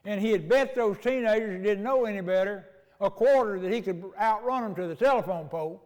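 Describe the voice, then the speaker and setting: A man's voice: high-pitched, a little fast, a little mellow, in a large hall, lo-fi sound. An older man preaching a sermon as pastor, telling homespun stories in a folksy way.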